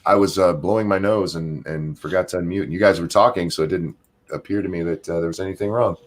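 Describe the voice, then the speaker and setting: A man hosting a livestream chat, reading viewer comments aloud and swinging between loud jokes and mumbled asides. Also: low-pitched, steady tone, fast talker. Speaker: livestream show host.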